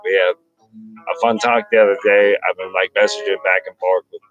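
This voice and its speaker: A man's voice: deep voice, steady tone, a little fast, fairly bright tone, dull audio. Man, middle-aged, profane, rambling, casual livestream chat, music in background. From North Shore of Boston. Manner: profane, rambling, laughs often. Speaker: host.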